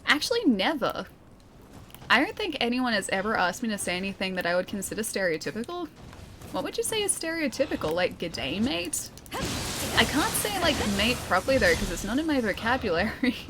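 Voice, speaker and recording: A woman's voice: fairly high pitch, sing-song, quick pace, noisy background. A young woman with a light Australian accent, chatting and laughing through a game stream and reading out chat. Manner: giggly, chatty, self-mocking. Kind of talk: casual gameplay commentary reading chat.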